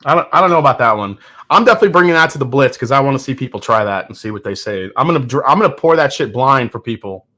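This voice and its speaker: A man in his thirties hosting a live whiskey-tasting stream, talking casually and candidly with viewers. His voice is bright and forward, at an average pitch for a man. He jokes often and restarts his sentences as he thinks aloud. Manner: candid, joking, with frequent restarts and laughs.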